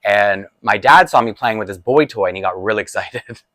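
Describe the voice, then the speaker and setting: Guy in his 40s doing a storytime vlog, kinda low voice, dry close sound. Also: brisk, fairly bright tone, no echo. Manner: chatty, confessional, laughs often. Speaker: vlogger.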